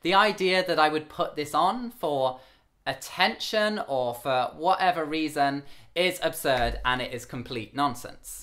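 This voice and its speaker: Young man with a light camp rasp. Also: fairly bright tone. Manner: earnest, candid; higher-pitched male voice held lower for camera. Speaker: vlogger. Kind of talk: talking to camera.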